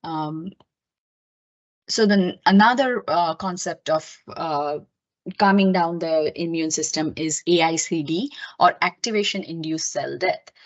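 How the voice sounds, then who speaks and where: A woman giving a recorded lecture, explaining step by step with many fillers and self-corrections. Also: low-pitched.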